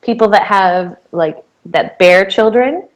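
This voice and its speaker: Speaking slowly in a mid-range voice, a woman who co-hosts a podcast and directs a camp shares camp stories in relaxed conversation. She giggles and laughs mid-sentence as she talks, over poor audio.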